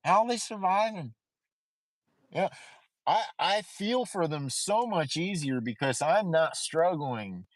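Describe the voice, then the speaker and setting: A man spins a casual story in a slow, drawn-out delivery. His pitch swoops and leaps as he talks, and he swears freely. The sound is close and dry. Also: no room sound, poor audio. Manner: animated, profane storytelling.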